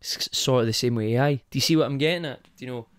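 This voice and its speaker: Man, podcast host, casual monologue, rambling, rhetorical questions, mid-pitched voice, dry close mic. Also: quick pace, clear, resonant tone, no echo. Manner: rambling, goes off on tangents, asks rhetorical questions.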